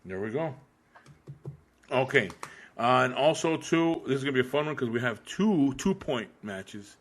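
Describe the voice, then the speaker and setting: A man's voice: mid-range voice, expressive, moderate pace. A man hosting a casual podcast chat, laid-back and rambling, with lots of fillers and restarts. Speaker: podcast host.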